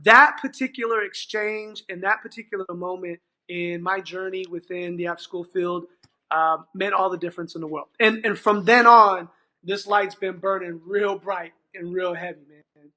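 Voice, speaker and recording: A man's voice: high voice, moderate pace. A middle-aged man, an after-school program manager, telling a story as a guest and acting out the dialogue in it, with lots of restarts. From California, USA. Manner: animated, acts out quoted dialogue, many restarts. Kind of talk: storytelling in conversation.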